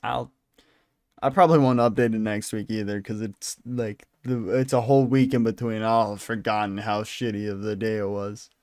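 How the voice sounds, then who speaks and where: A man's voice: on the low side, fairly even intonation, moderate pace, a little mellow, dry recording, studio quality. A tired man hosting a podcast alone, chatting casually in a rambling, self-deprecating way and apologizing often. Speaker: podcast host. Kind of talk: casual solo podcast chat. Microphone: handheld microphone at a desk.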